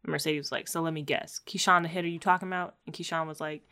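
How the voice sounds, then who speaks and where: A woman's voice: low-pitched, level tone, fast talker, bright, forceful tone, smooth. A woman co-hosting a casual podcast, playfully recapping a TV episode in slang and laughing easily. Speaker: podcast co-host.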